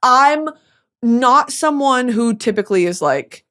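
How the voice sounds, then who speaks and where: A woman's voice: a little high, animated, measured pace, fairly bright tone. A young woman, hosting a podcast in a casual comedic monologue full of swearing and dramatic asides. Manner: chatty, swearing, dramatic asides, mock voices. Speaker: podcast host.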